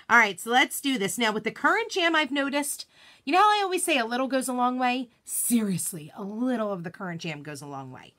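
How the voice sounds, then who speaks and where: A woman hosting a relaxed live craft demonstration in a slightly high, bright, forceful voice. She is chatty and self-deprecating, greets viewers by name as she works, and laughs easily at her own mistakes. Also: normal speed. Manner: laughs easily and jokes about her slip-ups. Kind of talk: casual live-stream craft tutorial.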